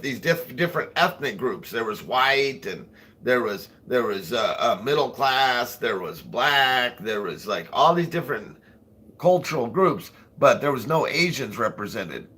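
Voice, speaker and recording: A man's voice: mid-range voice, lively intonation, a little slow, sharp tone, breathy edge. A man hosting a casual livestream, rambling and swearing as he chats with viewers and laughs often. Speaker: livestream host.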